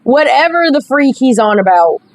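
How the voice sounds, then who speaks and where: A woman's voice: high-pitched, very animated, normal speed, low-quality recording. A young woman giving chatty, sassy commentary while she plays a dating game. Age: young adult. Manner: chatty, sassy, reacting aloud. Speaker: gaming streamer. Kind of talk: casual gameplay commentary.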